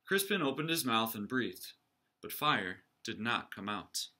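A male teacher reads a children's picture book aloud, animated and expressive. His voice is strikingly bright and forceful, at a middle pitch. He sits close to the camera. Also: measured pace, a little hiss or hum. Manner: animated storytelling. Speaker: reader, teacher.

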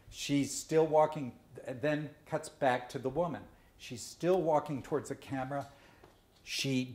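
A man speaking slowly from the front of a lecture hall, his fairly high voice ringing around the room. He builds his points through stories and jokes, leaning on pauses. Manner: deliberate storytelling with jokes. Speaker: guest speaker. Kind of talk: lecture to students.

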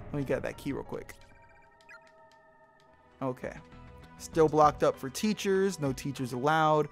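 A man's voice: on the high side, a bit bright. A man hosting a let's play, giving casual gameplay commentary in a chatty, joking manner and swearing freely.

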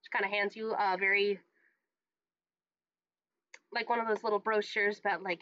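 A woman narrating a tabletop horror game as game master, halting with many restarts and quick laughs. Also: mid-range voice, flat delivery, sharp tone, no echo, dull audio.

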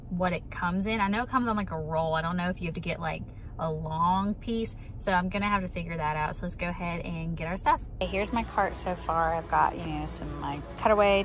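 A woman's voice: on the low side, low-quality recording. A young woman chatting casually in a vlog about her small craft business, upbeat and full of fillers. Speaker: small business owner vlogging. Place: home craft studio and a fabric store.

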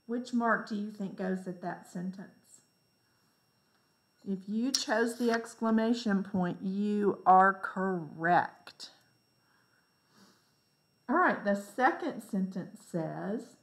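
A woman teacher giving a lesson to young children, reading example sentences slowly with exaggerated expression. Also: mid-range voice, animated, echoey room, rough recording. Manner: slow, clear, exaggerated reading for young kids.

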